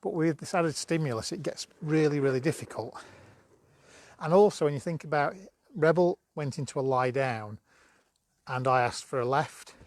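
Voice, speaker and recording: A man's voice: on the high side, normal speed, no echo. A man giving a dog-training demo on a live stream, chatty and coaxing, with bursts of praise for his dog.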